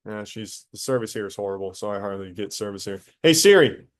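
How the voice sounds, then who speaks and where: A man teaching a high school biology class, casual and talkative, stopping to quiz students directly. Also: level tone, fast. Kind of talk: classroom lecture.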